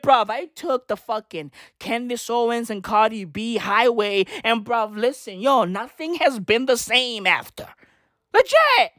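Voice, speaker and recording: A woman's voice: a little high, fairly bright tone, no room sound, clean studio sound. A woman delivering a rambling, profane comic rant full of slang, breaking into mocking voices and laughter.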